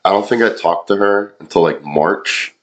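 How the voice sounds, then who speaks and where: A man, a podcast host and former sous chef, telling animated stories with lots of swearing. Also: deep voice, moderate pace. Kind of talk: casual storytelling.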